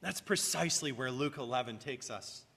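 A man's voice: mid-range voice, normal speed, gravelly, pushed and bright, long reverb tail. A male pastor preaching a sermon in an earnest way, rising and falling for emphasis and sometimes repeating a word.

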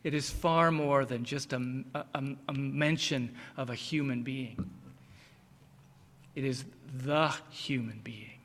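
A man preaching an expository sermon, reading scripture slowly and with deliberate emphasis. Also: mid-range voice, fairly even intonation, fairly bright tone. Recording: long reverb of a large hall.

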